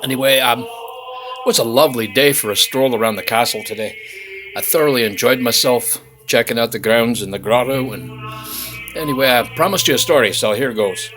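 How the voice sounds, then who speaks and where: A man spins a gentle moral tale in a loose, homespun voice of middling pitch. He rambles a bit and restarts, like a friendly storyteller, with faint chanting drifting behind him. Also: a little fast, music in the background. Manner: rambling, homespun, repeats "he says". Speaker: storyteller in costume persona. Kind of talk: folksy spoken tale.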